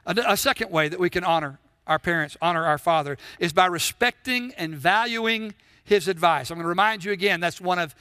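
Earnest high-voiced preacher man. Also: a little fast, bright, forceful tone, clean tone, dry recording, clean studio sound. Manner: earnest, repetitive preaching with rhetorical questions. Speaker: pastor. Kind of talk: sermon.

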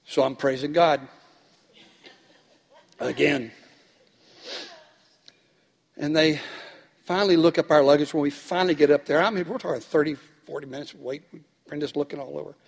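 A man's voice: fairly high pitch, normal speed, vocal fry, pauses often. A man preaching as pastor, telling a story animatedly and acting out the people in it. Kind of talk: sermon storytelling. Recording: long hall reverb.

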